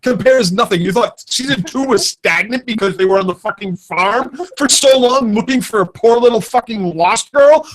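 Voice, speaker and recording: A man's voice: very high-pitched, poor audio. A man giving an angry, profanity-heavy rant as a guest reviewer, talking emphatically.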